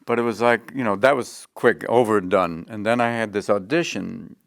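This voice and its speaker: A middle-aged man being interviewed, telling animated stories and jumping into quick voices. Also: on the low side, creaky, no echo, studio quality. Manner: animated, slips into quick character voices mid-story. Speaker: interview guest, comedian. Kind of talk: anecdotal interview storytelling.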